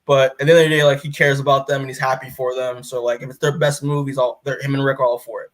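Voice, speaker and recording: Speaking quickly in a medium-pitched, level voice, a man co-hosting a podcast gives a loose, filler-heavy recap of a comic book. He frequently voices the characters' dialogue himself.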